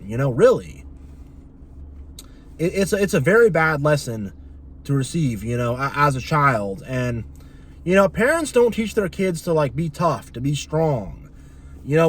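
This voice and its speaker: A young man talking in a casual, opinionated and rambling monologue as a channel host. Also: high voice. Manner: opinionated, rambling, acts out quoted voices.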